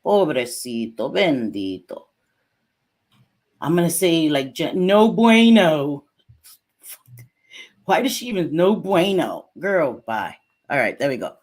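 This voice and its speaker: Chatty woman livestreamer, low voice. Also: sing-song, measured pace. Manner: chatty, swings between sass and apologies; mixes in Spanish phrases. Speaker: livestream host. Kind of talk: casual livestream chat.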